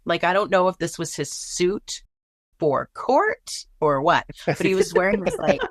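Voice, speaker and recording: A woman's voice: on the low side, measured pace, no echo, clean studio sound. A woman telling a painful personal story in an earnest, candid way, swearing now and then. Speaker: guest.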